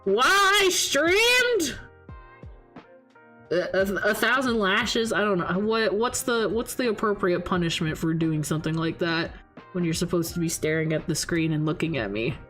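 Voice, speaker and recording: Streaming from home close to a desk mic, a young woman chats casually with her viewers, telling animated stories laced with swearing and laughter. Her voice is fairly low and her pace normal. Faint music plays behind her, and the audio quality is poor.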